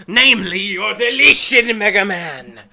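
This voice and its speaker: A man voicing a pompous male plant robot villain who makes grandiose, menacing taunts in a loud, bright voice. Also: high voice, unhurried, creaky, voice pushed up, full character voice. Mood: gloating.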